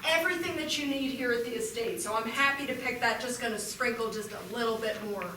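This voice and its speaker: A woman's voice: on the high side, fast, sharp tone, distant mic. A woman playing a chatty estate manager hosting a funeral, bubbly and rambling, in live improv comedy. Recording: roomy live stage recording from afar, noisy.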